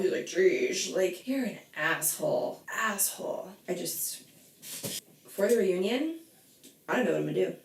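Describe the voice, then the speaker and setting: A woman's voice: mid-range voice, vocal fry, a little mellow, roomy sound, far from the mic. A woman hosting a reality TV reaction video, a bit tipsy, ranting bluntly and swearing as she recaps. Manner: blunt, profane, heated. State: a little tipsy. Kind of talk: casual reality TV recap rant.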